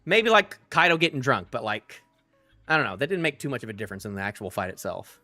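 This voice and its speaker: A young man streaming live, ranting excitedly and casually about a manga, rambling with stumbling restarts and the odd swear. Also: medium pitch, quick pace, soft background music. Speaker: streamer reacting to a manga chapter. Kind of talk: live reaction rant, casual.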